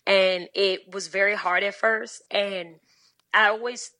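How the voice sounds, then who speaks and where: A woman chatting as a podcast guest, blunt and profane, telling animated stories from her working life. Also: mid-range voice, slow pace, no room sound, rough recording. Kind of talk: casual podcast chat.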